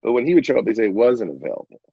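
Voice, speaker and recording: A man with a husky, slightly raspy voice, speaking as a guest in a casual chat. He works through his points in an earnest, thoughtful way. The audio is dull and lo-fi, and the sound is dry. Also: mid-range voice, sing-song, very fast, no echo. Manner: earnest, reflective. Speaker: podcast guest. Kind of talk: casual conversation.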